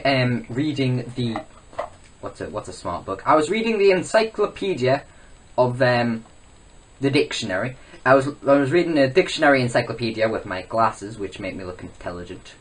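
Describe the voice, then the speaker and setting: A young man delivers a sarcastic, boastful comedy rant, stumbling over himself as he rambles. His voice swoops up and down a lot and sounds a little husky. He sits somewhat away from the webcam mic. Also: mid-range voice, lively intonation, normal speed, fairly bright tone, recorded from a distance. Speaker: comedy vlogger. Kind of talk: mock-rant comedy vlog.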